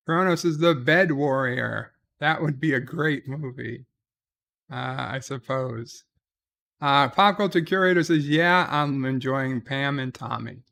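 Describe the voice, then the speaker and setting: Speaking a little slowly with vocal fry, a man's medium-pitched, fairly bright voice reads viewer comments aloud on his casual livestream. His answers are wry, with many "uh"s scattered between lines.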